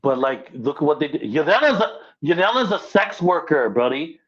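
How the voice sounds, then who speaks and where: A man's voice: fairly high pitch, big pitch swings, moderate pace. A man co-hosting a casual pop-culture podcast, insistent and argumentative, repeating his points firmly. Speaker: podcast co-host. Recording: slightly dull lo-fi sound.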